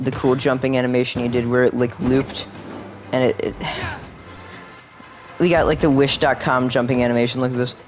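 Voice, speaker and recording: A man giving rambling gameplay commentary at home, full of fillers, restarts and swearing when annoyed. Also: fairly high pitch. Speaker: gaming video creator.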